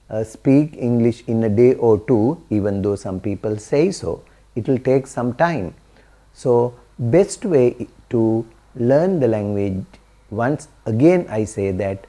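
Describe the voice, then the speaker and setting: Slow, dark-voiced male teacher. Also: medium pitch. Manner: earnest, repeats key points. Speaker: English teacher. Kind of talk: explanatory talk to camera.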